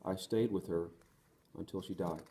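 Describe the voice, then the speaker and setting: A man reading the part of a young woman who is tender and resolute, in an earnest, gentle voice. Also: low-pitched, steady tone, moderate pace, slight background noise. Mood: grieving.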